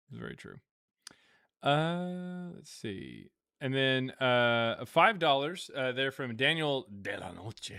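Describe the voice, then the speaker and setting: A man's voice: a little high, vocal fry, pushed and bright. A man hosting a live stream, reading out viewer donations in a loose, rambling way, with lots of fillers and frequent chuckles. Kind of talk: casual live-stream chat.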